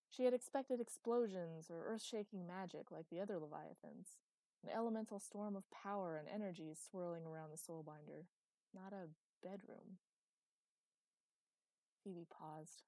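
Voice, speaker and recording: A woman narrating a fantasy audiobook with a measured, expressive delivery. Her voice sits low and mellow, recorded dry and close. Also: dry recording.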